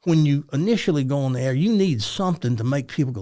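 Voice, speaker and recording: A man in his seventies from Tennessee, a retired radio talk host, telling stories in an interview with animated delivery. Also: mid-range voice, a little fast. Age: 70s. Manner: animated storyteller, jumps into other voices. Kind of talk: storytelling interview.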